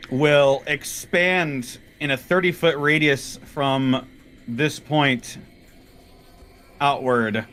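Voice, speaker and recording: A man's voice: medium pitch, a bit bright. A man playing a character in a tabletop game, casually declaring his actions and dice rolls. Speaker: player.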